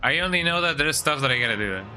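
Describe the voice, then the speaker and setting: A Mexican man whose first language is Spanish streams a horror game, rambling through crude jokes as he thinks out loud. His voice is a little high, animated, racing and sharp-toned, with soft music in the background.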